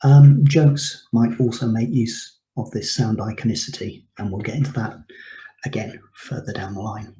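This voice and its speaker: A man's voice: on the low side, fairly even intonation, moderate pace, mellow. A man teaching a recorded English lesson, explaining terms patiently with frequent ums. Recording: echoey room.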